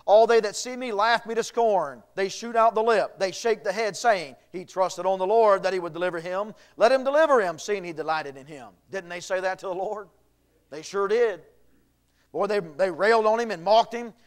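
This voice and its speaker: A man's voice: high-pitched, moderate pace, clean tone. A male pastor preaching a sermon, reading scripture aloud and building in intensity. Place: church.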